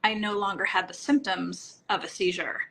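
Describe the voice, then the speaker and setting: A middle-aged woman, a healing practitioner, answering interview questions in a calm, explanatory way, often trailing off softly at phrase ends. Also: mid-range voice, moderate pace, gravelly, slight background noise, low-quality recording. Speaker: microdosing practitioner, guest.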